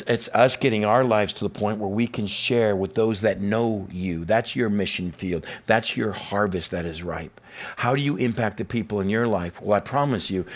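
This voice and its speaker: A man preaching a sermon to his church, moving between quiet, low asides and loud, rising passages, and acting out inner voices and quoted speakers. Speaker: pastor.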